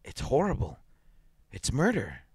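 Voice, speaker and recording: A man's voice: mid-range voice, huge pitch swings, a little slow, darkish tone, slightly rough, no room sound, voice pushed up, full character voice. A man voicing a frightened wife who pleads anxiously with her husband in a read-aloud story. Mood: pleading.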